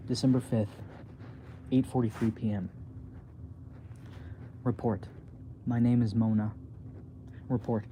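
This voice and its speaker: Man, mellow voice, slow halting read-aloud, bedtime story, faint background hiss. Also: medium pitch, steady tone. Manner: soft, slow, halting reading with small slips. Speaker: reader of his own book.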